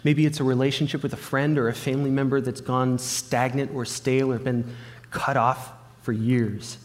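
A man's voice: medium pitch, flat delivery, normal speed. Earnest man preaching in a reverberant hall. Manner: earnest storytelling, acting out remembered dialogue. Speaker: pastor. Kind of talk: sermon with personal story.

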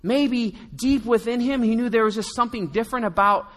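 Delivering a sermon, a pastor with a high, bright voice tells a story conversationally and acts out the voices of the people in it, speaking a little fast. A long reverb carries his words through the hall.

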